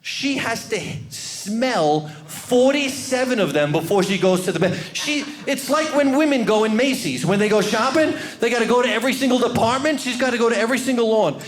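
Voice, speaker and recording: Lively high-voiced New comedian. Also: male voice, brisk, few pauses. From New York. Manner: animated, with shouted bits. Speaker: stand-up comedian. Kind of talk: stand-up comedy routine.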